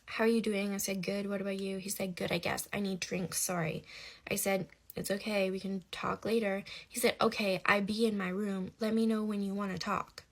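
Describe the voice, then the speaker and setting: A woman telling a personal story in a casual, animated and exasperated way. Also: medium pitch, moderate pace.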